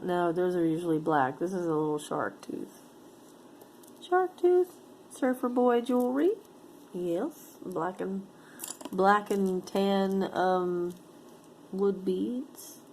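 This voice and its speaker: A woman's voice: medium pitch, darkish tone, slight background noise. A woman chatting casually to her camera as she sorts through jewelry, musing aloud and easily delighted by each piece. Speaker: vlogger sorting jewelry for sale. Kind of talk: casual show-and-tell chat.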